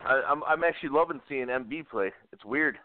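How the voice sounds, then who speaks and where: A man's voice: medium pitch, a little fast, no echo. A man co-hosting a sports podcast, giving blunt, emphatic opinions in casual chat. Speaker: podcast co-host. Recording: phone-like dry line.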